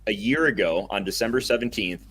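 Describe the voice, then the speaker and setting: A young man co-hosting a casual podcast, chatting enthusiastically and rambling a little, quick to laugh. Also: fairly low pitch, a bit bright, husky. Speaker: podcast co-host.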